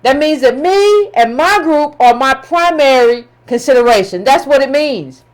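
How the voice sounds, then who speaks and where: A woman's voice: high voice, expressive, normal speed. A woman giving impassioned political commentary, emphatic and scolding, with colloquial phrasing and repetition.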